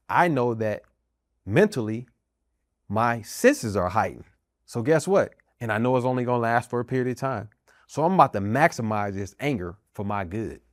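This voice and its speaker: A middle-aged American man, an army veteran, minister, and podcast host, gives personal testimony in an earnest, emphatic way, repeating key phrases to drive them home. His mid-range voice is animated at a moderate pace, recorded with studio quality and no room sound.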